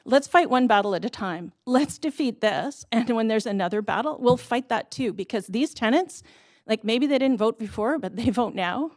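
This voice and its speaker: A woman in her thirties or forties gives public comment at a city council hearing. Her voice sits a little high and close, with a dry, dead sound. She pleads with feeling and breaks into brief laughs. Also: expressive, moderate pace, a little mellow, dry recording.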